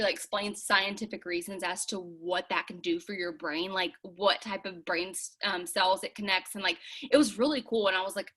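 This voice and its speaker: A woman's voice: mid-range voice, bright, forceful tone. A young woman leading a team call from home, casual and chatty with lots of filler words, earnest and encouraging. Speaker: team leader.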